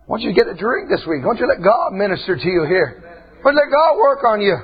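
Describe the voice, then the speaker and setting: Preacher guy, super raspy, voice jumps way up high then drops low, muffled lo-fi recording. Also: lively intonation, fast. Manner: impassioned, swings between shouting and low asides. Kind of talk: sermon. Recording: dull lo-fi recording.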